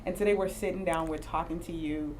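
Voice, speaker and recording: A woman's voice: lowish voice, fairly even intonation, a little fast, darkish tone, low-quality recording. A woman interviewer introducing a program and asking a guest her first question, with a few fillers. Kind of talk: hosted interview. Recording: faint background noise.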